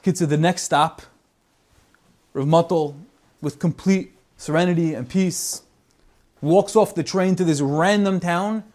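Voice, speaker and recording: A man giving a Torah talk as a lively story, mixing in Hebrew and Yiddish words. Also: a little high, unhurried, long pauses. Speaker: Torah speaker.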